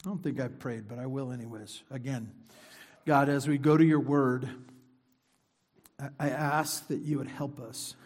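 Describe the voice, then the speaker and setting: A middle-aged man preaching a sermon in a conversational way, repeating phrases for emphasis and dropping into quiet asides. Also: medium pitch, steady tone, moderate pace. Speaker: pastor.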